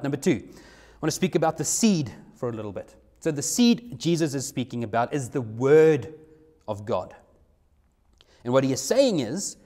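A man preaching a sermon, emphatic, slowing down to stress key words. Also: a little high, darkish tone.

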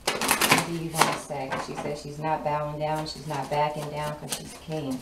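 A woman's voice: low-pitched, level tone, normal speed. A woman giving a casual tarot reading in a sassy, emphatic way, often repeating her lines for effect. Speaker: tarot card reader. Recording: roomy, distant mic, clear background noise.

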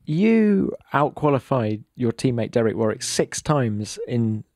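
A man hosting a podcast, asking questions in a measured, conversational way. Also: medium pitch, big pitch swings, darkish tone, no room sound, clean studio sound. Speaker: podcast host, interviewer. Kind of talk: interview questions. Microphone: studio podcast mic.

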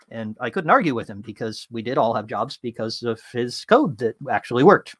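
A man giving an interactive talk from home as a tech consultant, casual and full of fillers, telling lively stories. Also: medium pitch, brisk, hardly any pauses, no echo.

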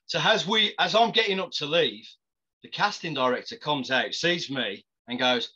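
A man's voice: a little high, very animated, normal speed, bright, forceful tone, husky, muffled recording. A man, an actor, casually telling stories with frequent laughs and stumbling restarts. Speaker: actor guest. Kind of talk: casual storytelling.

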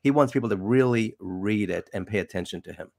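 A lower-voiced man talking as a guest analyst in a relaxed conversation. He speaks emphatically, and his pitch jumps up to stress his points. The sound is close and dry. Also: brisk, gravelly, no room sound. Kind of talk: casual chat.

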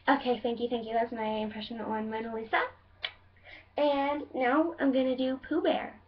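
A woman's voice: a little high, fairly even intonation, normal speed, slight background noise. A woman casually presenting her impression video, announcing each one in a chatty way. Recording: dull lo-fi sound from a distance.

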